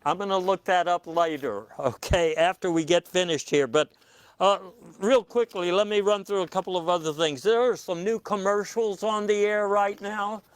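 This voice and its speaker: A man hosting a comic news panel with a dry, deadpan delivery and hesitant fillers. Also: high-pitched, moderate pace, clean tone, no room sound. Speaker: comedy news host.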